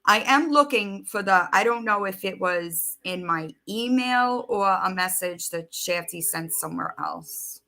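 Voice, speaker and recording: A woman's voice: mid-range voice, expressive, unhurried, vocal fry, hardly any pauses, bright, forceful tone. A woman hosting a casual livestream, chatting loosely and swearing while she reads out messages and searches her phone. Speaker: livestream host.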